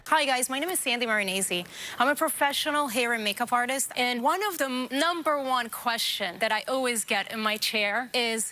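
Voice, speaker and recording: A woman's voice: on the high side, normal speed, pushed and bright. A woman who is a professional hair and makeup artist, giving an eager testimonial. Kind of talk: testimonial interview clip.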